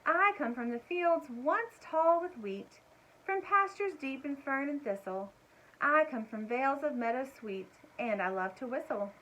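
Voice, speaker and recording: A woman voicing a soft, musical little songbird. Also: sits high, lively intonation, a little slow, pitched above the performer's own voice, heavily acted, rough recording. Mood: gentle. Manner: polite, lilting. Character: small gentle hen bird, polite and sweet.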